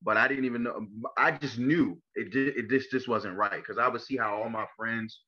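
A young man from Maryland telling his life story in an interview, halting and full of fillers and restarts. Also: medium pitch, lo-fi sound. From Maryland, USA. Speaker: interview guest. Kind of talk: personal testimony interview.

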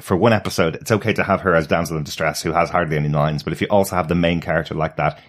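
A man's voice: deep voice, steady tone, racing. A man co-hosting a TV review podcast, talking casually and fluently as he explains his views. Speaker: podcast co-host.

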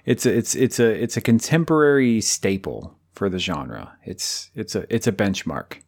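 Male co-host, lower voice with animated intonation, casual, word-searching delivery. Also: moderate pace. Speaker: podcast co-host. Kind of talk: casual chat.

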